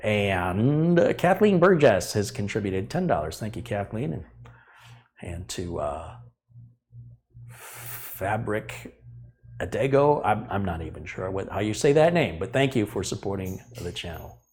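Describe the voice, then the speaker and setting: Blunt, ranting man, lowish voice. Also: very animated, a little slow, a little mellow. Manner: blunt, ranting, acts out customer dialogues. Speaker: tech channel host. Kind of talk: live stream talk.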